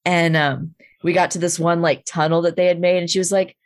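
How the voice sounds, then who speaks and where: A woman's voice: fairly low pitch, flat delivery, fairly quick, hardly any pauses, no echo. A woman co-hosting a podcast, telling a story casually and animatedly, with frequent swearing and fillers.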